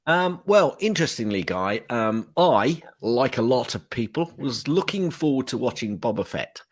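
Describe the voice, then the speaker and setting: A man's voice: medium pitch, sing-song, normal speed. A man co-hosting a podcast in casual chat, joking and bantering. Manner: jokey, playful banter. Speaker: podcast co-host.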